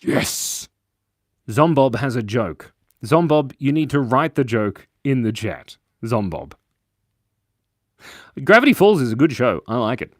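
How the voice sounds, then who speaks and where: A man's voice: mid-range voice, big pitch swings, measured pace, no echo. A young man with an Australian accent chats casually on a livestream while he draws cartoons. His voice swings up and down a lot as he jokes with viewers and reads their messages aloud. The recording is dry and close. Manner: chatty, jokey, reads chat aloud, laughs often.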